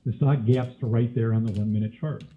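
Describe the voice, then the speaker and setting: A man's voice: mid-range voice, fairly even intonation, fast talker. Man teaching trading over tinny audio. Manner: quizzes listeners with frequent questions. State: coughing, throat irritation. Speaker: trading instructor. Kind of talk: live webinar teaching.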